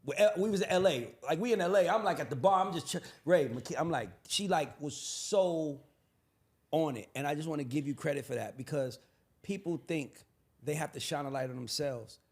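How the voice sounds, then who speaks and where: A young man hosting a podcast in a casual interview, hyping up his guest with animated banter. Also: a little high, brisk, slightly rough. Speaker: podcast host.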